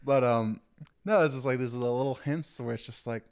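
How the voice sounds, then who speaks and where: A man's voice: medium pitch, moderate pace, clear, resonant tone. Rambling man on a casual podcast. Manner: rambling, quotes scenes in playful put-on voices. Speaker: podcast co-host. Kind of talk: casual chat.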